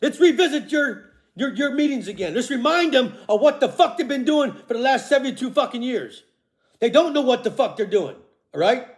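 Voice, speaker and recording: A man delivering an angry, profane, accusatory monologue, swinging between shouting and low muttering, tagging lines with "okay?" and "all right?". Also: big pitch swings, fairly quick. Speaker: vlogger.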